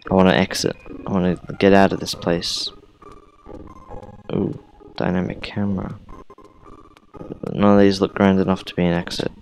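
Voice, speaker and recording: A man's voice: deep voice, vocal fry, low-quality recording. A young man giving casual let's-play commentary, thinking aloud and reacting to the tutorial as he plays. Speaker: gamer.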